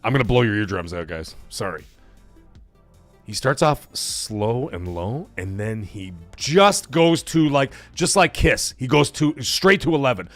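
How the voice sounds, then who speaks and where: A man's voice: mid-range voice, expressive, moderate pace, a bit bright, soft background music. A man hosting a casual gaming livestream, chatty and rambling, laughing often as he reads chat. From Italian-American background. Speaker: livestream host.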